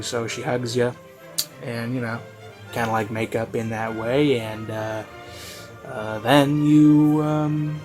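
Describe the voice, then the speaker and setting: Guy rambling thru a video review, tons of "you know" and "like", average pitch, faint music behind. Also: steady tone, slow. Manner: offhand, self-mocking. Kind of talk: casual commentary.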